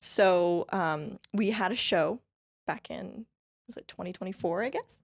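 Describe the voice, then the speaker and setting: A woman's voice: lowish voice, a little slow, creaky. A woman from California, a country fiddle player guesting on a podcast, telling stories in a chatty, upbeat way with frequent laughs and lots of "like" and "you know". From California, USA. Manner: chatty and upbeat, laughs often between phrases; tells stories lively, with many fillers like "like" and "you know". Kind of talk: casual interview storytelling.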